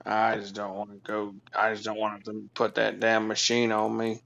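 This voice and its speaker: A man in casual, crude chat on a voice call, joking and swearing with loud bursts. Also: on the low side, monotone, moderate pace, vocal fry. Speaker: call participant.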